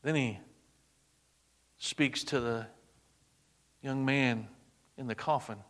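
A male preacher giving a dramatic sermon, dropping to a hush on quoted words. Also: medium pitch, fairly even intonation, takes it slowly, long reverb tail.

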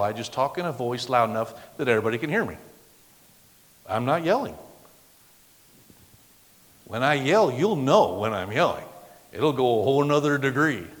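A middle-aged man preaching a sermon with a loud, projecting voice, acting out the voices of the people he quotes. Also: mid-range voice. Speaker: pastor. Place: church sanctuary. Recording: long hall reverb.

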